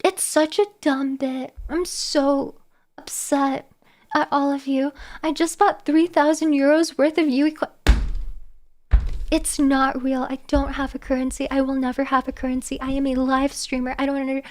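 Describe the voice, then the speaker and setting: A woman streamer talks casually to her chat in a high, bright-pitched voice. She is animated and quick to exclaim, with a playful mock-exasperation running through her talk. She is close on a streaming desk mic. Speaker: live streamer.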